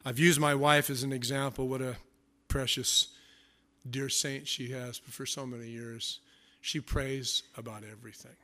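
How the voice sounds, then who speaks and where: A man's voice: mid-range voice, level tone, normal speed, pushed and bright. A middle-aged man preaching a sermon, telling stories with self-mocking humor in a conversational way. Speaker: pastor.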